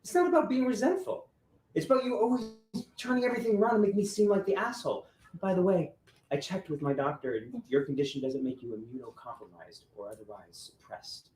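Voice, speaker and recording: A man playing an insistent divorced father who is quick to anger, in acted drama dialogue. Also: mid-range voice, darkish tone, close to an everyday voice. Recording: roomy with faint noise.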